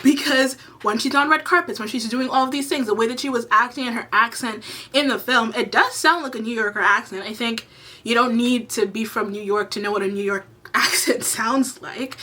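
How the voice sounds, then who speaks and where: Bright, blunt woman ranting to camera. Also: sits high. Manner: blunt, exasperated, swears freely. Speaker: commentary vlogger. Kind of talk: opinionated commentary to camera. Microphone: camera mic.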